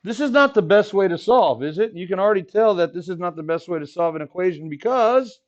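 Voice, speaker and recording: Joking math teacher talking to a class. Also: male voice, high-pitched, animated, a little fast. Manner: casual, jokey, asks the class questions. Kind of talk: classroom lesson. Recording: dull lo-fi classroom recording.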